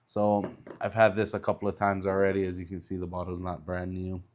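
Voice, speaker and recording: Casting note: congested young man, low and fairly flat voice, easygoing vlog chatter, steady background noise. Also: brisk. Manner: relaxed, chatty, many ums. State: congested, stuffed-up nose. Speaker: car salesman vlogger. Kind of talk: casual vlog update.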